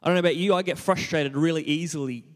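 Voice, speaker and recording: A man's voice: fairly high pitch, fast talker, big-room sound. A young man preaching a conversational sermon, joking about himself and asking the congregation questions. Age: young adult. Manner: conversational, self-deprecating, asks the congregation questions. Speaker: pastor.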